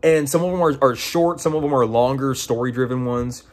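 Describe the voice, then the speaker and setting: A man's voice: medium pitch, brisk. A young man giving casual game commentary, exasperated and profane, often incredulous. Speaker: game reviewer.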